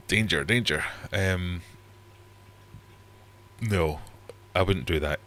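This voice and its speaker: Speaking from his home fish room, a Geordie man hosts a casual livestream chat, rambling and reading out viewers' comments. His voice is low-pitched and sharp in tone, and he talks very slowly with frequent pauses.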